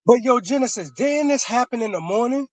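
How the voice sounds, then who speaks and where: High-voiced man, emphatic and slangy. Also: lively intonation, fairly quick, dry recording. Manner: emphatic, repeats himself, slangy. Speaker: co-host. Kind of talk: casual live-stream commentary.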